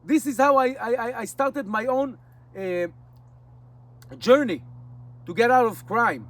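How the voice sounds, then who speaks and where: A man in his forties with an Israeli accent, a native Hebrew speaker, talking casually to his camera outdoors in the mountains in halting English, his mouth dry from fasting. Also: very high voice, a bit bright. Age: 40s. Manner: rambling, restarts often, halting English. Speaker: nomad vlogger. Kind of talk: casual vlog monologue.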